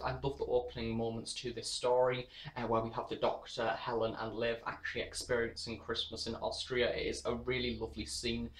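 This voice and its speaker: A man's voice: mid-range voice, echoey room, rough recording. A man giving a spoken review of an audio drama, talking steadily and often saying "in fact". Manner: flat, steady delivery with frequent "in fact".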